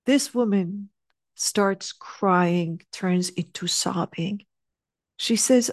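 A middle-aged woman telling a heartfelt personal story, earnest and animated, sometimes dropping to a soft hush. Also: medium pitch, extremely slow, no room sound, clean studio sound. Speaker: speaker sharing a personal story.

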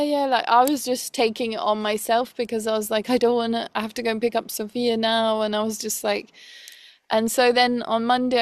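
A woman telling a personal story in a relaxed, rambling way, often quoting what others said and switching into French for a phrase. Her voice sits fairly high but stays flat and even. The recording is dry and close, with no room sound. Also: no room sound. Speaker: person recounting a breakup.

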